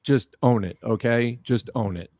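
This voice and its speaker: A man doing political reaction commentary, blunt and exasperated, who swears freely. His voice sits at an ordinary middle pitch. The recording is dry and close. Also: a little slow, mellow, dry recording. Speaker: video commentator.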